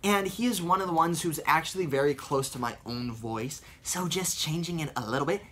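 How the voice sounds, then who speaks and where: Young guy rambling about his impressions, bright voice, lots of ums. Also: on the high side, brisk, few pauses. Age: young adult. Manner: rambling, explains with many fillers. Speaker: vlogger doing voice impressions. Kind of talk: casual chat.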